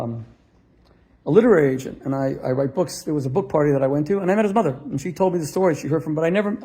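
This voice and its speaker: Here a middle-aged rabbi speaks with a fairly high, mellow voice edged with vocal fry. Telling a story in a sermon before a live crowd, he plays both parties in a conversation and delivers punchlines.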